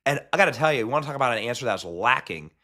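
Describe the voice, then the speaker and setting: A man in his thirties hosts a political commentary show. His voice is bright and forceful. He mocks as he talks, piling up sarcastic asides and restarting his sentences. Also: mid-range voice, lively intonation. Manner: mocking, sarcastic, rapid asides and repeated restarts. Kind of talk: fast opinionated political commentary.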